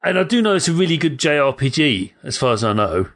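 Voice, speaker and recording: Chatty British man with a higher voice. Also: sing-song, fast, fairly bright tone. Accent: British English. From Britain. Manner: chatty, jokey, laughs often. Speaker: podcast co-host. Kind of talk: casual chat.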